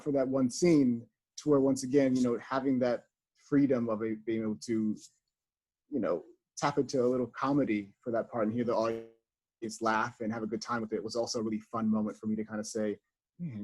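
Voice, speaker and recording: A man's voice: medium pitch, a little mellow. A man talking earnestly on a video call as a theater house manager, reflecting with many fillers. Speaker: associate house manager, guest.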